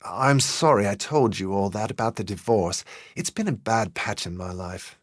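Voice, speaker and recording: A man's voice: fairly low pitch, animated, normal speed, no echo, clean studio sound. A man playing a polite, slightly nervous divorced father in an audiobook.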